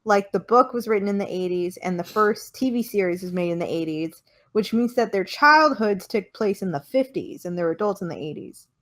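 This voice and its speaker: A woman's voice: medium pitch, animated, fairly quick, a bit bright. Chatty young woman podcast co-host. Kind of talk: casual chat.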